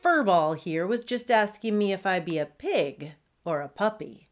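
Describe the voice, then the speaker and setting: A woman voicing a gruff female pug pirate with a gold tooth, speaking in salty, taunting pirate talk. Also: mid-range voice, lively intonation, normal speed, close to an everyday voice.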